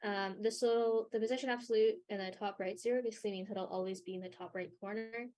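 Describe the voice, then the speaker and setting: A young woman leading a live coding workshop, talking through her screen with many ums and pauses, her voice a little worn. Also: medium pitch, steady tone, darkish tone. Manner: hesitant, many ums and sort ofs. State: losing her voice a bit. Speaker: workshop instructor.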